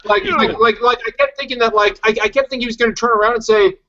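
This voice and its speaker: Tipsy podcast guest, man, high voice, loose rambling banter, lo-fi recording. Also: fairly even intonation, fast talker, bright, forceful tone. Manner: rambling, joking, curses freely. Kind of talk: casual chat with impressions. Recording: dull lo-fi sound.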